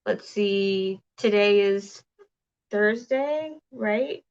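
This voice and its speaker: A woman's voice: mid-range voice, very slow, a little mellow, muffled recording. A woman hosting a casual crafting livestream, chatting and reading viewer comments, rambling with many fillers and restarts.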